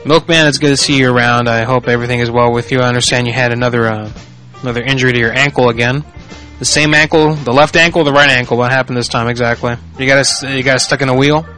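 A man's voice: mid-range voice, steady tone, fast, bright, forceful tone, soft background music, low-quality recording. A man hosting a podcast in casual chat, crude and joking, swearing freely. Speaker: podcast host.

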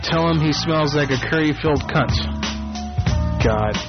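A man's voice: on the high side, unhurried, creaky. A male radio show host chatting casually and crudely between prank calls, inviting listeners to call in. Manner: loose, joking, crude. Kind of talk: casual live radio chat. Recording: muffled, with music behind.

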